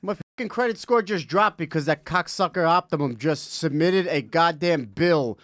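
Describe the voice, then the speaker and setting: A man's voice: a little high, moderate pace, a bit bright, no echo. A man guesting on a comedy podcast, telling profane stories in casual chat. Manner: profane, storytelling, laughs often. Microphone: podcast studio mic.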